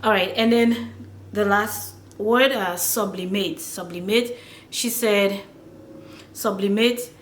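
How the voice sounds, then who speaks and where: A woman teaching pronunciation in a casual lesson, chatty and repeating words slowly with many fillers. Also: mid-range voice, steady tone. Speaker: language teacher. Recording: echoey room with faint noise.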